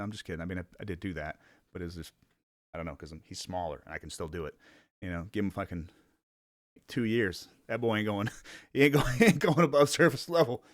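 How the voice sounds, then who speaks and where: A man's voice: fairly low pitch, fairly bright tone, no room sound. Rambling young man, dry close sound. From Cleveland area. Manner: rambling, self-conscious, laughs often, swears casually. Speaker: vlogger. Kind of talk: casual rambling vlog chat.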